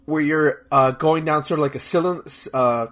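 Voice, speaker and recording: Young male host, casual chat, a bit high-pitched, rambly and excited, swears freely. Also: normal speed. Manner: rambling, enthusiastic, profane, many fillers and restarts.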